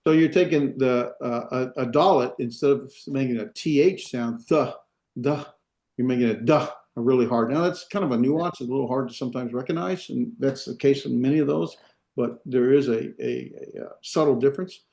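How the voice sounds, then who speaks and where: A man lectures to a class in a roomy, echoing space, his voice at an average pitch. He halts and restarts, fills gaps with "uh," and throws in dry asides. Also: vocal fry, mellow. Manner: halting, many fillers and restarts, dry asides. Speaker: Hebrew teacher. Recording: echoey classroom.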